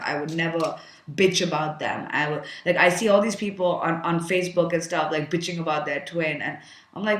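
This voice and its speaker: A woman with a fairly low voice talks through a tarot reading in a loose, frank, chatty way, thinking aloud as she goes. Her voice carries a noticeable roomy echo. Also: a bit bright. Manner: chatty and frank, thinking aloud, with filler words and the odd curse. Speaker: tarot card reader. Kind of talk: casual tarot reading to camera.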